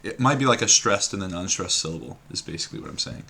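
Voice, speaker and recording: With slight background noise behind him, a man streams a word puzzle game and thinks out loud at his computer. His lowish voice is creaky and sharp, animated and quick, and he hesitates, trails off, and repeats words to himself.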